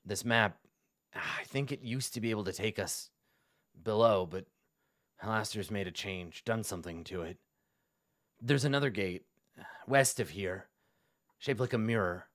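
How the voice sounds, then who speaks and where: A man putting on a tired, soft-spoken cleric, dry and close to the mic. He talks low and quietly, halting and murmuring as he hunts for words. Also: no echo. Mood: weary. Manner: hushed, halting, murmured delivery. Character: weary amnesiac male cleric, soft-spoken.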